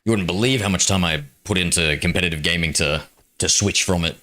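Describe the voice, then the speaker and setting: A man's voice: low voice, a little fast, bright, forceful tone. A young man chatting casually with viewers on a game stream, rambling with lots of ums. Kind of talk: casual live-stream chat.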